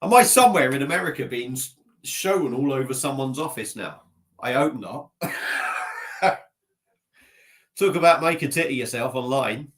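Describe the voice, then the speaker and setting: A man with a slightly blocked nose rambles through a relaxed live stream from his desk at home. He laughs at himself, trails off and restarts often, and talks into a laptop mic. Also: medium pitch, a little slow, long pauses. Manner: rambling, self-mocking, chatty, reading out comments. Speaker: beer vlogger live-streaming. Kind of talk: casual live-stream chat.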